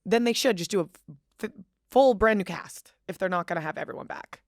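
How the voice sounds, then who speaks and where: A woman from Boston hosting a podcast, chatting casually with a co-host, gushing excitably and swearing freely. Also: medium pitch, fairly quick, dry recording, studio quality. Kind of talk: casual chat.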